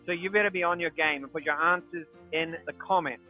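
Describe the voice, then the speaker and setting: A man's voice: fairly even intonation, a little fast, faint music behind. Upbeat New Zealand man on tinny line. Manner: upbeat, self-joking salesy pitch. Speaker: real estate marketing coach. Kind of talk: live webinar presentation. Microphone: livestream.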